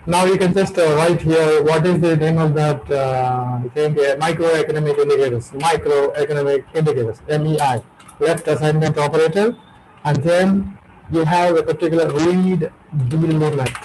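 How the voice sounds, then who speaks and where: A man's voice: a little high, fairly even intonation, moderate pace, darkish tone, a little hiss or hum, rough recording. A middle-aged man giving an emphatic, repetitive webinar lecture over a computer microphone. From India.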